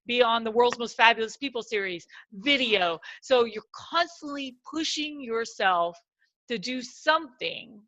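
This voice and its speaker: A woman with a bright, forceful, fairly high voice tells stories from her career in conversation. She is animated and acts out her own excited lines. The sound is dry and close. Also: a little slow, no room sound, dull audio. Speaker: guest speaker. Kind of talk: lively storytelling in conversation.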